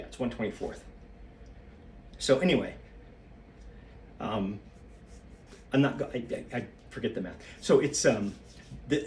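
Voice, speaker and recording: Breathless low-voiced man thinking aloud. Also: a little mellow, roomy sound, distant mic, slight background noise. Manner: rambling, loses his train of thought. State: slightly out of breath. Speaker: solo practice vlogger. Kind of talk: thinking aloud while exercising.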